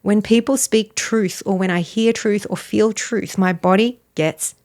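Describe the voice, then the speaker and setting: A middle-aged woman, a wellness author and podcast guest, telling a personal story in an earnest, animated way. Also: mid-range voice, measured pace. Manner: earnest, animated, laughs between phrases.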